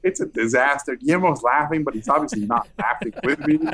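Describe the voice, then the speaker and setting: A man recounting an anecdote as an interview guest, lively and animated, acting out the people he quotes. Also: mid-range voice, fairly quick, breathy edge. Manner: animated, acts out quoted voices. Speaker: film director guest. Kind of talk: anecdotal storytelling.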